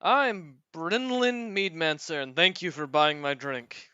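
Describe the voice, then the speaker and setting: A man's voice: a little high, slow, pushed and bright, clean tone, no echo, lo-fi sound. A man voicing a stubby drunken male dwarf brewer in a tabletop game, boisterous and slurring. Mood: boastful.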